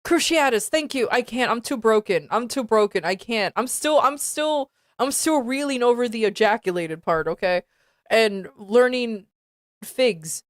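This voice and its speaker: High-voiced, giggly woman streamer. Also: animated, unhurried, no echo, clean studio sound. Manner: giggly and incredulous, often breaking into laughter. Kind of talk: casual live-stream reading commentary.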